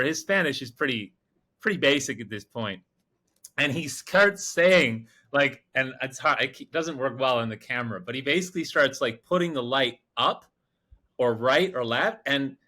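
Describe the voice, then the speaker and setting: A man co-hosting a podcast, telling a field story in casual chat, animated and acting out other people's lines. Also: mid-range voice, moderate pace. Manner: animated, mimics others with raised voice and swearing. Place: remote field camp in the Amazon.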